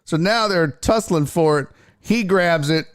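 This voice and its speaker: A man's voice: a little high, unhurried. A man hosting a casual sports talk stream, swearing freely and reading viewer chat aloud. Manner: profane, animated, reads chat aloud. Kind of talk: casual livestream commentary.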